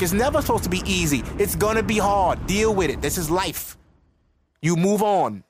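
A man's voice: high voice, animated, moderate pace, pauses often, background noise. A man in his early thirties hosting a podcast, giving blunt, profane advice in an emphatic, lecturing rant. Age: 30s. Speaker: podcast host.

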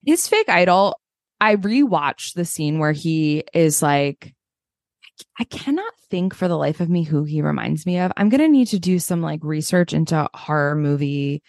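A woman co-hosting a casual podcast chat, animated and blunt, swearing and mocking people in put-on voices. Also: sits low, moderate pace, dry recording, studio quality. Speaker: podcast co-host.

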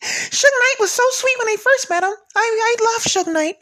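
A man doing an impression of a soft-voiced young woman with a tiny, breathy, girlish voice. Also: extremely high pitch, normal speed, pitched above the performer's own voice. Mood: sweet.

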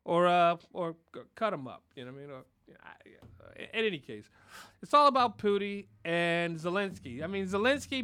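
High, bright-voiced man ranting profanely. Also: animated, normal speed, clear, resonant tone. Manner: heated, repetitive, swears constantly. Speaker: podcast host. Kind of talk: casual profane rant.

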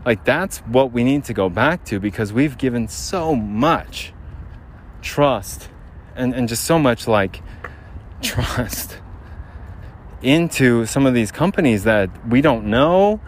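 A man hosting a podcast, talking casually and rambling while out of breath on a brisk walk outdoors in a city. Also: medium pitch, animated. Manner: rambling, with many restarts. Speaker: podcast host. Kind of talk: casual walking monologue. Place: outdoors on a city street, near a generator. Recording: faint outdoor street noise. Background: street and traffic noise.

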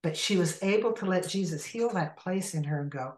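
A woman's voice: fairly low pitch, fairly quick, few pauses. A woman who leads an inner healing ministry, telling a story as a guest and acting out the people in it. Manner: animated storyteller who acts out the people in her stories. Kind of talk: storytelling in a conversational interview. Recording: roomy echo.

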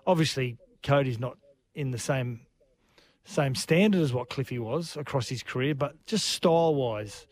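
A man's voice: mid-range voice, normal speed. Australian man co-hosting sports radio. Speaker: radio sports show co-host. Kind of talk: casual sports radio banter.

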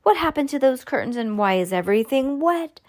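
A woman voicing a flustered, strict schoolteacher in a storybook reading, shrill and scolding. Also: animated, a little fast, a little mellow.

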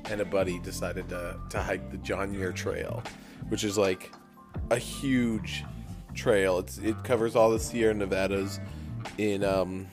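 A young man with a lowish voice tells a story on a casual podcast, acting out his younger self in animated bursts. Faint music plays quietly beneath the talk. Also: a little slow. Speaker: podcast co-host. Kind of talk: casual chat.

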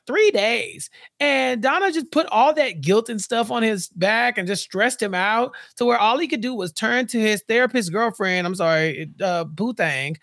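A man's voice: high voice, no echo, clean studio sound. A man co-hosting a podcast, chatting casually and acting out what characters say. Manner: animated, acts out characters' lines. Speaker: podcast co-host. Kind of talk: casual recap chat.

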